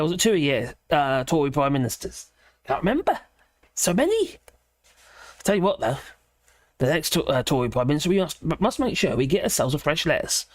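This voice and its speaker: Hoarse British woman chatting on a livestream. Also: fairly low pitch, dry recording. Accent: British English. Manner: chatty, laughs often, greets viewers. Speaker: livestream host. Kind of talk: casual political live chat.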